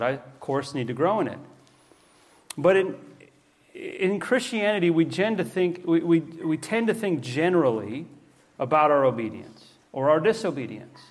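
Emphatic male preacher, rhetorical questions. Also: fairly high pitch. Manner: emphatic, repeats key words, asks rhetorical questions. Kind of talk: sermon.

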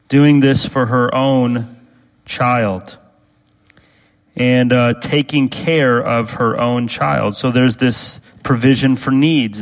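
A man preaching a sermon as pastor, speaking deliberately and repeating key phrases for emphasis. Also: a little high, big-room sound, poor audio.

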